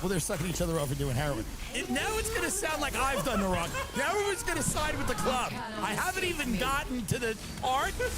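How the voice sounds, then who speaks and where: A high-voiced man tells a comic story in an animated, profane rant. His pitch leaps all over as he acts out the people in the story. Loud music plays behind him. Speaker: stand-up comedian.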